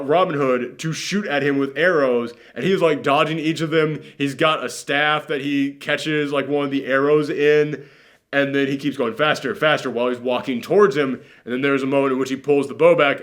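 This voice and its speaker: Sarcastic ranting man reviewing a movie. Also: fairly high pitch. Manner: animated, sarcastic ranting with many fillers. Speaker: movie reaction host. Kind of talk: casual movie review chat.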